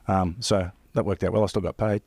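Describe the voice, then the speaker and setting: Male storyteller, lowish pitch, quick rambling delivery with lots of repeats, dry close sound. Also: fairly even intonation, darkish tone, husky, no echo. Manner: rambling, repeats himself, acts out phone calls in quick bursts. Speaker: professional caddy telling stories. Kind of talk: casual storytelling chat.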